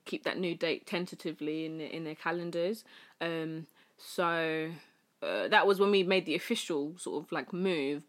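A young British woman with a low, fairly bright voice appears as a podcast guest, telling a personal story in casual conversation. She's chatty, packs her storytelling with fillers, and acts out the quoted speech.

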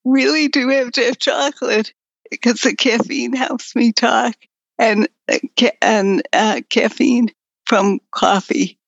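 On a dry, dull lo-fi recording, an artist and writer guesting in a casual interview speaks slowly in a fairly high, steady-toned voice. She's weak-voiced, fading in and out, yet talks frankly and bluntly, dropping a few mild swears.

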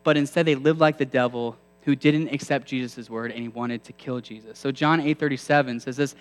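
A man's voice: mid-range voice, fairly even intonation, a little fast, few pauses. A male preacher giving a sermon in a conversational way, often asking his listeners questions. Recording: long hall reverb.

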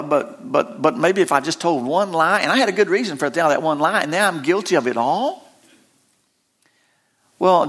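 An older man preaching a sermon as pastor, folksy and animated, with self-deprecating humor. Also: a little high.

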